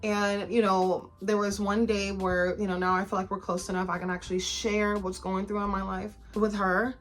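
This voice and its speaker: A woman's voice: mid-range voice, level tone, normal speed. A woman in her twenties telling a personal story in a candid, casual vlog style. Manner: candid, conversational, lots of fillers and swearing. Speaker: vlogger.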